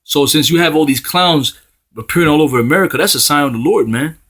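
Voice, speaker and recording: A man delivering a profane, heated street-style sermon, tagging "man" onto his phrases and reading scripture slowly in old-style wording. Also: fairly high pitch, a bit bright. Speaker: preacher.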